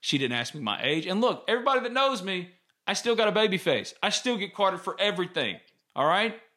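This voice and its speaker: A man's voice: high-pitched, big pitch swings, brisk, sharp tone. A man, hosting a casual sports podcast and telling stories in a candid, rambling way. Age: 30s. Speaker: podcast host.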